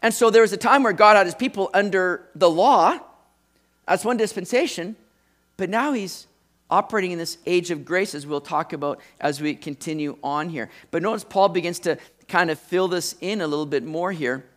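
A man's voice: sits high, normal speed, a bit bright. A middle-aged male pastor preaching a sermon in a conversational teaching manner, acting out quotes as he explains the passage.

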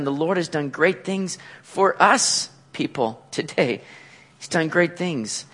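Male pastor, sermon delivery, bright high register, swings up and down constantly. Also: unhurried, husky. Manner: animated preaching with shouted acted-out quotes.

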